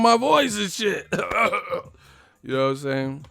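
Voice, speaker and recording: A man hosting a boxing live stream in casual chat, animated, swearing freely and laughing a lot. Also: high voice, slow, vocal fry, soft background music.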